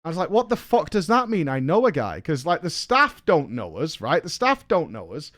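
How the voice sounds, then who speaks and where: A man, a streamer telling a story in a casual, animated way, swearing and acting out what people said. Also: a little high, normal speed. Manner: animated, swearing, acts out quotes.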